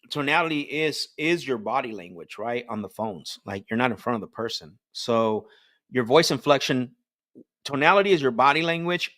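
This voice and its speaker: A man coaching a group call on sales technique, talking with energy and checking in with "right?" as he goes. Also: medium pitch. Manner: energetic, repeats "right?" often, restarts sentences. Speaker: sales trainer.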